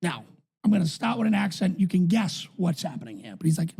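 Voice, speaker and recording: Gravelly husky man telling rambling stories. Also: very animated, a little fast, dark tone. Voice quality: voice higher than his build suggests. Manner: rambling, profane storytelling. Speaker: podcast co-host and youth football coach. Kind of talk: casual podcast chat.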